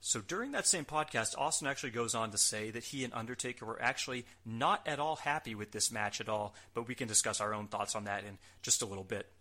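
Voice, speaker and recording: Bright-voiced man recapping wryly. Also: mid-range voice, quick pace, few pauses. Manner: wry, joking asides with casual swearing. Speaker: podcast host. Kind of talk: casual recap narration of a wrestling show.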